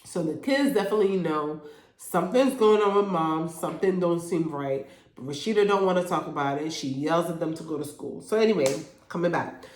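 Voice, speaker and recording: A woman recapping a TV drama episode in a casual, animated way, speaking. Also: lowish voice, brisk, roomy sound. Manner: animated, acts out characters' lines in quotes. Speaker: YouTube show reviewer.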